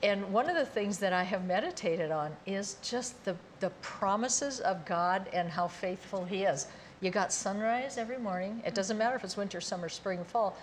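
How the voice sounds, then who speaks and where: A woman's voice: mid-range voice, moderate pace, a little hiss or hum. A woman co-hosting a casual chat, reflective and close to tears as she speaks. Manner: reflective, grows emotional telling a story. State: tearful. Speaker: co-host.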